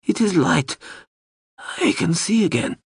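A male audiobook narrator voicing a badly wounded dying man who speaks in a weak, halting, breathy way. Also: sits high, lively intonation, no echo, studio quality, pitched above the performer's own voice, heavily acted. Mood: dazed fearful. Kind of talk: audiobook character voice.

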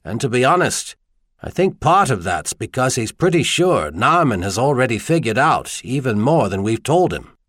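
A man's voice: medium pitch, sing-song, moderate pace, fairly bright tone, slightly rough, no room sound. A man voicing a stern young emperor who speaks dryly and plainly. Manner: dry, stern. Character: stern, dry-witted male emperor.

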